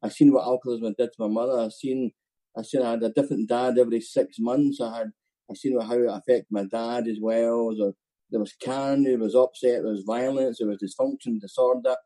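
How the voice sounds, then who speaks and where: Dark-voiced Glaswegian man sharing his story. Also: medium pitch, poor audio. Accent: Glaswegian Scottish. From Scotland. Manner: candid and halting, many ums and restarts. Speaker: guest speaker at a recovery meeting. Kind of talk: personal testimony.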